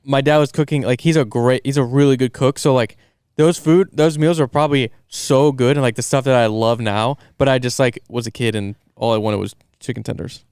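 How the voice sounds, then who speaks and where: A man co-hosts a podcast in a casual, rambling chat full of fillers. His mid-range voice is steady, brisk, a little mellow and clean, recorded with clean studio sound and no room sound.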